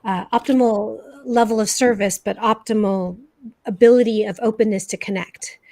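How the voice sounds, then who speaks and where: A woman hosts a reflective conversation about slowing down and wellness. She has a mid-range voice and circles back on her words for emphasis. The recording is dry, with no room echo. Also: medium pitch, steady tone, dark tone. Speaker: host. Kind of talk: casual chat.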